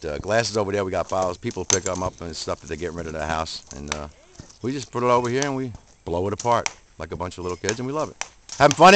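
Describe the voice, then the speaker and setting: A middle-aged man with a New Jersey accent, casually chatting and joking as he films around an outdoor shooting range. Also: lowish voice. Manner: chatty, jokey, friendly banter. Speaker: event host filming a tournament. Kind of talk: casual walk-around narration. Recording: noisy outdoor camera audio.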